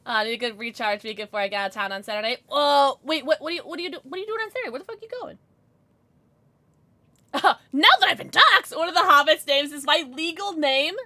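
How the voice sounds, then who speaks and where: A young woman streaming live, chatting casually with her viewers and squealing with excitement as she reads chat. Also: high voice, fast, no room sound. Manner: chatty, bubbly, squeals when reading chat.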